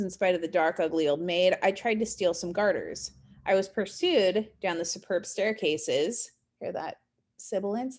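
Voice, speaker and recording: A woman teaching a college English class in a recorded lecture. She explains literary terms conversationally, with fillers and check-in questions, and reads poems aloud slowly. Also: medium pitch.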